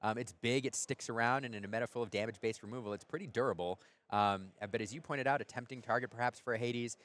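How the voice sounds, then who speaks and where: A man doing energetic play-by-play commentary on a card game tournament. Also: medium pitch, quick pace. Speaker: play-by-play caster.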